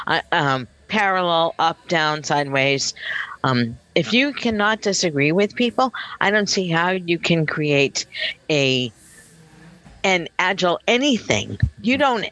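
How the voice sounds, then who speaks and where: Blunt, lively-voiced woman telling stories. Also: deep voice, poor audio. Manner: blunt, direct storytelling. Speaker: guest author. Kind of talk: casual podcast chat. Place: virtual coffee shop call.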